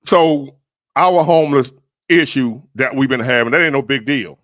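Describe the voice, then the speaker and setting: Man, livestream reaction commentary, blunt and profane, bright forceful tone, dry close sound. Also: mid-range voice, normal speed, no room sound. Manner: blunt, profane, fired-up, rambling. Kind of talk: reaction commentary on a news clip.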